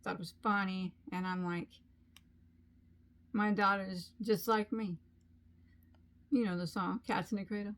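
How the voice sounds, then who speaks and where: A woman's voice: medium pitch, fairly even intonation, unhurried, pauses often. A middle-aged woman chatting casually on her crochet channel, rambling along with frequent ums as she tells a story. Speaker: crochet vlogger.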